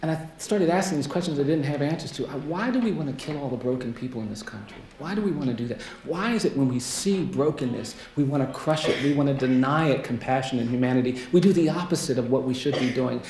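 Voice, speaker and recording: An American man delivers a keynote as a lawyer for people on death row. His voice is gravelly and his telling is hushed and earnest, and he builds to refrains he repeats. The stage microphone catches a roomy hall echo and a faint hiss. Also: mid-range voice, quick pace, hardly any pauses. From United States. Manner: quiet, earnest storytelling with rhetorical repetition. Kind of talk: personal storytelling keynote. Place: lecture hall.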